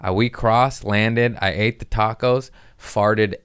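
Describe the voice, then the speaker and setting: A man with a low voice hosts a loose comedy podcast. He rambles from one bit to the next, swears freely and gets excitable. The sound is close and dry, like a small studio. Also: slow, smooth, no echo. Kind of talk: casual podcast chat.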